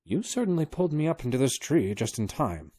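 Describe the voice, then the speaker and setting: A man's voice: medium pitch, very animated, fairly quick, mellow, breathy edge, dry recording, clean studio sound, voice pushed up. A man voicing a fussy, absent-minded old male professor who mutters stock phrases in a raised, flustered voice. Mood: earnest.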